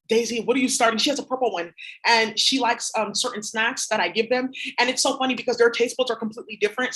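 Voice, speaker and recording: A woman hosting her spiritual-reading channel, ranting casually to camera in a profane, rambling, excitable way. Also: on the high side, rough recording. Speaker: spiritual reader and channel host.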